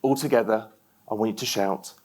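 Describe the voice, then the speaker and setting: A man's voice: lowish voice, fairly quick, a little mellow. A middle-aged man from England, giving a motivational keynote speech and leading the audience in call-and-response. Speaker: keynote speaker.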